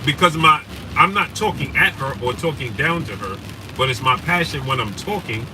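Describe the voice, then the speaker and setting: A man's voice: a little high, expressive, normal speed. A man hosting a casual sports live stream, talking with passion, greeting viewers by name and often asking "right?". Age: adult with wife and kids. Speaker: sports show host. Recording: distant mic with clear background noise.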